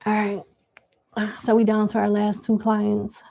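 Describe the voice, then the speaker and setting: A woman's voice: mid-range voice, completely flat delivery, measured pace, creaky, dark tone. A woman giving live tarot question readings in a casual, slangy, chatty way. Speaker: tarot reader.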